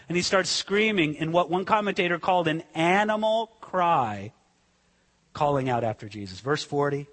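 A man preaching a sermon, swinging between hushed, slow asides and sudden dramatic shouts. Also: on the high side, breathy edge, long reverb tail. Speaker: pastor.

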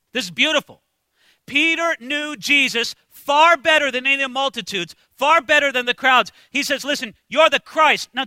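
A male pastor preaching an expository sermon, animated, acting out quoted voices and swinging from hushed asides to shouts. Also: extremely high pitch, no echo. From United States.

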